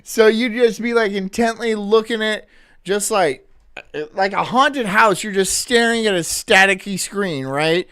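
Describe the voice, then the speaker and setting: A man's voice: sits high, unhurried, fairly bright tone, clean tone. A young man streaming on a headset mic, chatting casually in a joking, defensive way and laughing often. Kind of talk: casual livestream chat.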